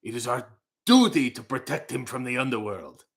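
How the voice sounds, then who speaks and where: A man putting on the voice of a solemn ancient Egyptian from an old epic film, speaking gravely and stiffly. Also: mid-range voice, expressive, moderate pace. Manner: grave, declaiming, stiff biblical-epic delivery.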